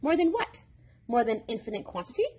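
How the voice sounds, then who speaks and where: A woman's voice: sing-song, a little fast, dark tone, husky. A woman voicing an exasperated young boy who hates math, with a whiny, protesting manner, in a storybook reading. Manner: whiny, protesting, rising pitch.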